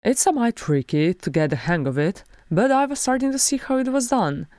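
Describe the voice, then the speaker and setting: Woman playing a boastful young dwarf, teasing, pitched up, storybook read. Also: big pitch swings, a little fast, mellow, no echo, studio quality.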